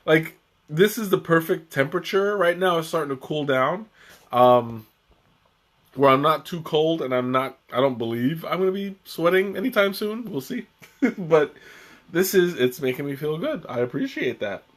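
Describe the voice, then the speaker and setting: A man hosting a casual live-stream tea tasting, chatty and joking, who talks haltingly with many restarts and fillers. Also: on the high side, fairly bright tone. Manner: chatty and joking, often chuckling.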